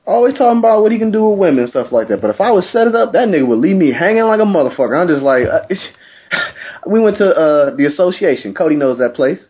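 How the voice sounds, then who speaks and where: Animated man telling rowdy stories. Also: high voice, fast talker, husky, highs cut off. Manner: animated, profane, laughs often mid-story. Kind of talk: casual storytelling chat.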